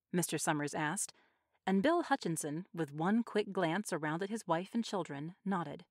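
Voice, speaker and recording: Woman reading an audiobook, lowish voice, lots of pitch movement, dry close mic. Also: no echo. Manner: expressive, measured storytelling. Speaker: audiobook narrator. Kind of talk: scripted story narration.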